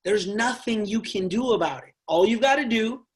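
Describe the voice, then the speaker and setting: A man with a notably high-pitched voice coaches a sales team. His delivery is animated and direct, and he punctuates his points with constant check-ins to his listeners. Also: normal speed. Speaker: network marketing trainer. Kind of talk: motivational team training talk.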